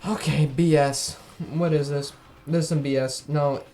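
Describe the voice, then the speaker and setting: A man's voice: a little high, fairly even intonation, a little slow, warm tone. A young man streaming a video game, chatting casually and bursting into outraged protests at it. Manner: reactive, outraged bursts, swearing. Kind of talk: gaming livestream commentary.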